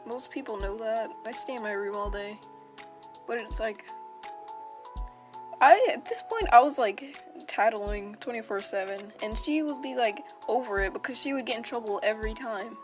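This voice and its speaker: A woman's voice: fairly high pitch, moderate pace. A young woman telling an unscripted personal story in a rambling, self-interrupting way, with casual slang. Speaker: storytime vlogger. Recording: music playing behind.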